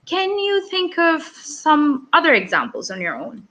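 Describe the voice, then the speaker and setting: A woman's voice: high voice, wildly swooping pitch, a little slow, sharp tone, poor audio. A woman with a Malaysian English accent teaching an online English lesson for children, upbeat and encouraging as she reads out comments.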